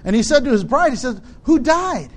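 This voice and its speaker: A man's voice: very high-pitched, animated, fast. A male pastor preaching a conversational sermon and asking his listeners rhetorical questions.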